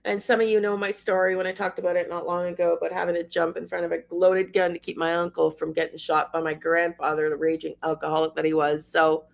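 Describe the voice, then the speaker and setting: A woman's voice: on the low side, flat delivery, fast, vocal fry, few pauses. A woman in her fifties, a channel host, speaking in an emotional monologue, ranting with passion and fighting back tears. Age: 50s.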